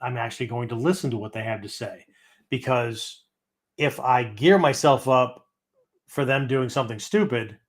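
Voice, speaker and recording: A man's voice: mid-range voice, normal speed. A man hosting a martial arts philosophy show, teaching in a loose, conversational way that tags nearly every point with "right?" or "okay?". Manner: acts out angry voices and breathing as demonstrations. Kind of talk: casual teaching talk.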